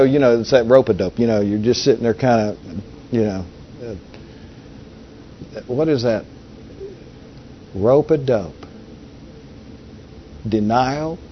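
A male preacher talks through a sermon in a plain, folksy way at a middle pitch, reading verses and tossing rhetorical questions to the room. The recording is dull and lo-fi, with a faint hiss underneath. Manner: folksy, conversational, asks the audience rhetorical questions.

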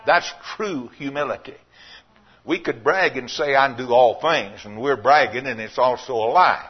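Husky preacher, folksy and emphatic. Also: male voice, mid-range voice, normal speed, dull audio. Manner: folksy storytelling, swelling to loud emphatic preaching. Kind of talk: sermon.

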